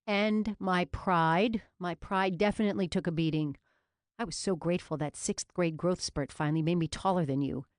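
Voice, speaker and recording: A woman's voice: on the low side, steady tone, moderate pace, no echo, clean studio sound, lightly acted. A woman voicing a playful young man who jokes in a mock-dramatic way in an audiobook. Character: young man, joking coworker, playful and theatrical.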